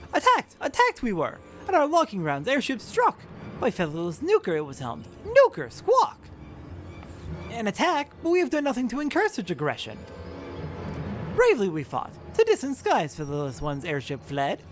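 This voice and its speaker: Squawking bird-man tribesman, shrill and proud, choppy backwards phrasing. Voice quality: squawking, inverted word order.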